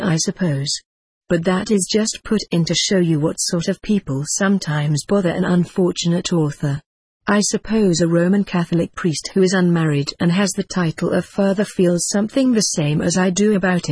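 An older man reading his own book aloud in a measured, wry, dry-humoured way. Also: high-pitched, darkish tone, breathy edge, no room sound. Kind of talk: audiobook narration.

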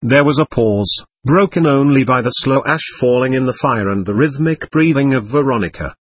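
A man narrating a novel in a measured, even reading voice. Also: mid-range voice, slightly rough, no room sound. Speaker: audiobook narrator. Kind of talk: scripted narration.

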